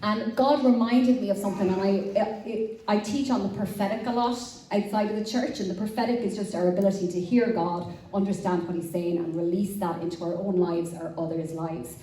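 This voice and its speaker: A woman's voice: medium pitch, fairly even intonation, fairly quick, few pauses, warm tone. A woman preaching a sermon in a church, telling candid, self-deprecating stories. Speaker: pastor. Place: church auditorium. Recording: echoey church hall from a distance.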